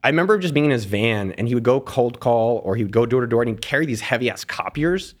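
Fast-talking man telling stories. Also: mid-range voice. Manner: fast, animated storyteller with frequent restarts. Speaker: podcast guest, entrepreneur. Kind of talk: casual interview storytelling.

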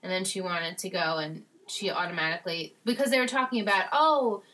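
Woman, podcast co-host, animated, acts out quotes, bright voice. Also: lowish voice, fast, poor audio. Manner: animated, acts out characters' lines while retelling. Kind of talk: casual TV recap chat.

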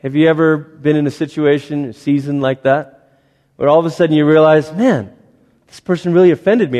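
A man's voice: fairly high pitch, brisk, mellow. A male pastor preaching a sermon, dramatic, acting out the voices he quotes. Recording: long hall reverb.

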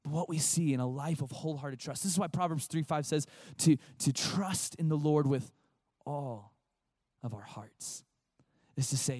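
A man pastor giving a casual, animated sermon to a young crowd, chatting and acting out short voices. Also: fairly high pitch, normal speed, slightly rough, no echo, studio quality.

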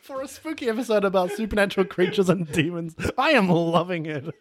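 A man's voice: high-pitched, expressive, a little fast, no echo. A man, co-hosting a podcast and playing a polite, chatty visitor in an improvised comedy sketch. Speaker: podcast co-host.

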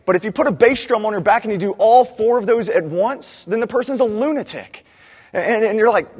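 A man preaching a sermon as pastor, animated, acting out cries of the people he describes. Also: high-pitched, fairly quick, husky, big-room sound.

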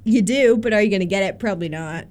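A woman's voice: medium pitch, fast talker, a little mellow. An American woman co-hosting a radio chart show, chatting casually and teasing, often laughing. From United States. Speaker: radio co-host. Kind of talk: casual chat.

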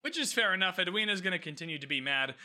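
A man hosting a casual solo podcast recap, animated and sarcastic, swearing freely and laughing often. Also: high voice, fast talker. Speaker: podcast host recapping a TV episode.

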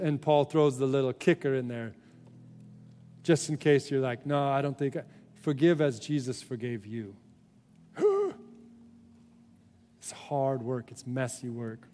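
Pastor guy preaching, kinda high voice, earnest and chatty, keeps restarting, big echoey church hall. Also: clean tone. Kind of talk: sermon.

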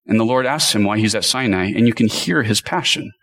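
A man preaching an earnest, passionate sermon. He drops into chatty asides to the congregation and shifts between quick runs and slow, stressed words. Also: fairly low pitch, a bit bright, low-quality recording. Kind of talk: expository sermon.

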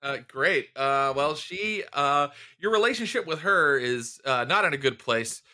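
Bright-voiced man running a tabletop game. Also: a little high, animated. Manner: conversational, halting, good-humored. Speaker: game master.

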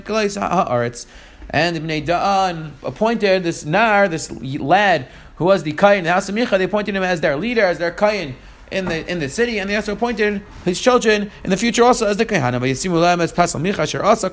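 Fast, high-voiced man teaching a text. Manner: reads Hebrew verses then paraphrases in English. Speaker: Torah teacher. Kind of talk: verse-by-verse text lesson.

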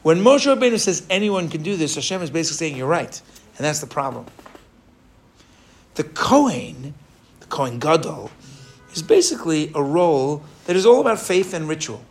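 A man teaching a Torah class in an animated way, asking his students rhetorical questions and mixing Hebrew phrases into his English. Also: fairly high pitch, normal speed.

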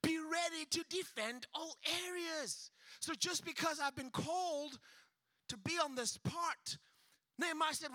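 A man preaching a sermon as pastor, swinging between loud shouted passages and hushed near-whispers and acting out quoted voices. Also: very high-pitched, unhurried, dry recording, clean studio sound.

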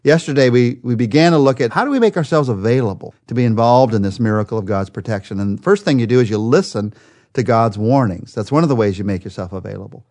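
A man's voice: medium pitch, fast talker, a little mellow. A man teaching a daily Bible study in an earnest way, rising to emphatic peaks to stress his points.

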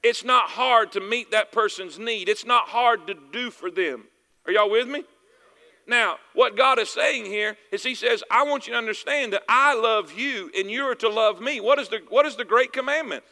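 A Southern US pastor delivers an expressive sermon at normal speed, his high, bright voice cutting through the room. He keeps calling out for "amen" and asking "y'all with me," repeating phrases to drive his points home. Long hall reverb trails after every line.

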